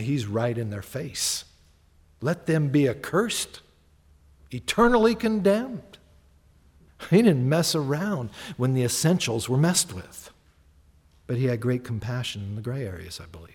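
A man, a pastor, preaching a sermon in a conversational, animated way, often acting out little exchanges of dialogue. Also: medium pitch, breathy edge, in a large hall.

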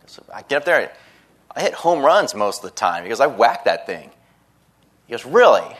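A man's voice: mid-range voice, sing-song, moderate pace. A man preaching a sermon as pastor, earnest and repeating words as he starts phrases.

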